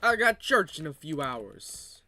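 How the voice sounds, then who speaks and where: Streamer grumbling thru a shooter, pitch jumping around, bright edgy tone. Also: very animated, a little slow. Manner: mutters and complains while playing. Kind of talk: casual gaming commentary.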